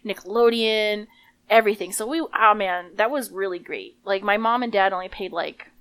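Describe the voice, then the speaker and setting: A woman in casual podcast chat, telling a story with lots of swearing and laughter. Her voice sits at a middle pitch for a woman. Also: moderate pace, clear, resonant tone. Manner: animated storytelling, swears often, laughs a lot. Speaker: podcast co-host.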